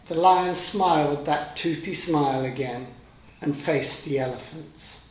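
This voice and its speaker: Slow, gentle male storyteller. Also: fairly high pitch. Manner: gentle and unhurried. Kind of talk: children's story narration. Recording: echoey room.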